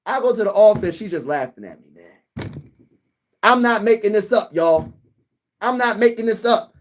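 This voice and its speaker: A young man hosting a casual sports livestream, chatting with viewers in hyped, animated fan banter. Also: high voice, normal speed. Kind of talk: casual livestream chat reading comments.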